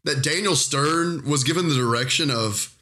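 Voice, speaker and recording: A man co-hosting a podcast, joking in an animated, emphatic way. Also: fairly high pitch, normal speed. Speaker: podcast co-host. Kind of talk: casual comedic chat.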